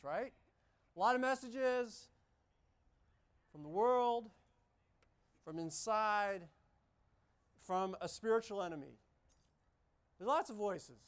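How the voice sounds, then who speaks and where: Slow, emphatic preacher in a church service. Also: mid-range voice. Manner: emphatic, repetitive, asks the congregation many questions. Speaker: pastor. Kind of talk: sermon.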